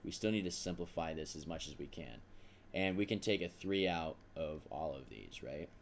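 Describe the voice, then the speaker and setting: A man's voice: extremely low pitch, animated, moderate pace, vocal fry, a little hiss or hum. A man teaching a math lesson, talking through the steps aloud in a casual, self-deprecating way. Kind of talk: recorded math lesson at a whiteboard.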